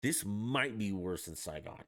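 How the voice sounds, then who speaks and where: A man's voice: fairly low pitch, expressive, measured pace, a bit bright. A man hosting his own stream, ranting with profanity and sarcasm in casual solo commentary. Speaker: podcast host.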